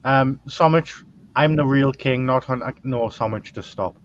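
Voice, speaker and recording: A man's voice: mid-range voice, a little slow, no echo, muffled recording. A man hosting a casual podcast chat, crude and rambling, stumbling over his words. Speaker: host.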